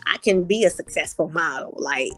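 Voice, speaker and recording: A woman's voice: on the low side, expressive, moderate pace, a bit bright, soft background music. A woman in her thirties, a podcast guest talking candidly and expressively, acting out her own thoughts as quotes. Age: 30s. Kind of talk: casual candid conversation.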